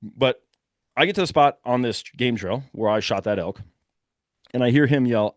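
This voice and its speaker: A young man telling a hunting story in a lively, casual way, acting out the shouts of the people in it. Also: mid-range voice, moderate pace, no echo. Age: young adult. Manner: animated, breathless retelling with quoted shouts.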